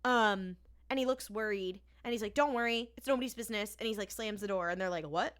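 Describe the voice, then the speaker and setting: Woman podcast co-host, bright and clear, casual animated recap. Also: medium pitch, fast talker. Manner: animated retelling with quoted lines.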